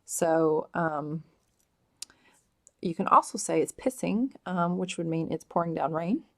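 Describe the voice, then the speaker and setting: A woman explaining slang words in a casual vlog, hesitant and full of drawn-out ums. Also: lowish voice, a bit bright. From United States. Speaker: vlogger explaining British slang.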